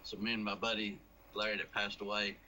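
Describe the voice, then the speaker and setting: A lowish, very bright-toned man hosts a local TV show and chats in an easygoing way. A faint room noise runs beneath him. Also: level tone, brisk, poor audio. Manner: easygoing, chatty, prone to restarts. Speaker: TV talk show host. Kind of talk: casual studio chat.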